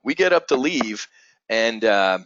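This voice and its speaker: A man hosting a live options trading webinar, talking in a blunt, energetic, rambling way and calling his listeners "folks". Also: lowish voice, unhurried, no echo. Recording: dull, lo-fi dry webinar audio.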